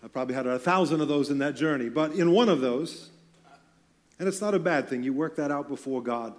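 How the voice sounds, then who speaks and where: A pastor preaches a sermon on a church stage, his voice a little high and brisk. He keeps things loose and conversational, tossing in joking asides.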